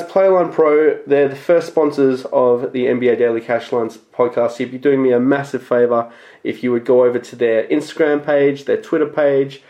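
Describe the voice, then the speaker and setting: A man hosting a casual sports podcast, talking bluntly and excitably and swearing casually. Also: mid-range voice. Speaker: podcast host. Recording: echoey room.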